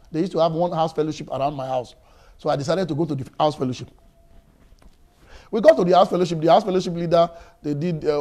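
Male pastor, high voice, energetic sermon delivery, stammers and repeats words. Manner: storytelling, swings from quiet to shouting, repeats words.

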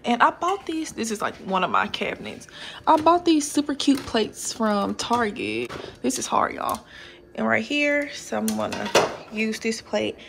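A chatty young woman in her twenties gives a casual home tour vlog, calling her viewers y'all. Her voice has a gravelly, fry-tinged edge. She is recorded in an echoey room with a faint hiss behind her. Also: a little high, very animated, a little slow, a bit bright. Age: 20s. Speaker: nurse vlogger. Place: her apartment, indoors.

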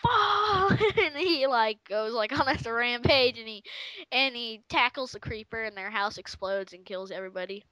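A high, bright-toned woman doing casual gaming commentary. She lectures in a mock-serious way and swears freely through quick rants, her voice close and dry with no room sound. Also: no echo, low-quality recording.

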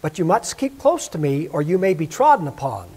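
A man's voice: a little high, very animated, a little fast, dark tone, slightly rough. A man voicing a fussy, proud mother duck who scolds and frets in a raised voice. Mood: fussing.

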